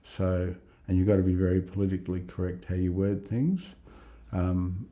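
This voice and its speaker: A middle-aged Australian man telling a rambling, lively story in a casual interview. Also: low-pitched, moderate pace. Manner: rambling, animated, laughs at own story. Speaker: interviewee, psychiatric ward worker.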